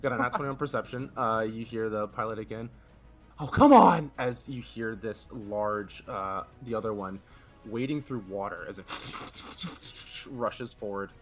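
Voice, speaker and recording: A man's voice: fairly low pitch, steady tone, normal speed, fairly bright tone, faint music behind. A young man narrating as dungeon master in a tabletop game, laughing often as he describes the action.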